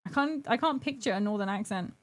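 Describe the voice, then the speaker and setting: A woman's voice: mid-range voice, animated, quick pace. A young woman streaming as she paints miniatures, chatting casually, giggling and poking fun at herself. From United Kingdom. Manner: giggly, chatty, self-mocking. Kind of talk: casual live-stream chat.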